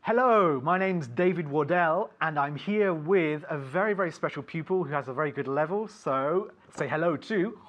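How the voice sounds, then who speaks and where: A man teaching an English lesson on the radio, saying words slowly and clearly and having his student repeat them. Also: on the high side, muffled recording. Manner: slow, clear teacher drilling words for repetition.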